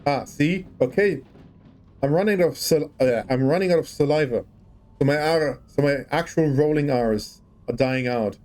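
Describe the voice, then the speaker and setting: A man's voice: a little high, normal speed, a little mellow. A man casually chatting on a livestream while playing a game, musing and rambling as he tries out rolled R's. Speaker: game streamer.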